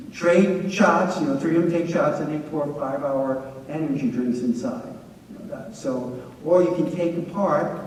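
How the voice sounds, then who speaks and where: A man lectures with lively anecdotes, acting out quotes as he goes. His voice sits somewhat high with a soft, mellow tone. He is picked up from far off in a large hall with heavy echo and faint room noise. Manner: energetic, animated storyteller who acts out quotes. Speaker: presenter at a staff training. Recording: echoey hall, distant mic.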